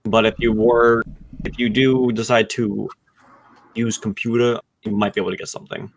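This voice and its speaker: A man's voice: fairly low pitch, little pitch movement, moderate pace, gravelly, a little hiss or hum. A man running a tabletop game as game master, recapping in an easygoing, loose way. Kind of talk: casual game narration over voice chat.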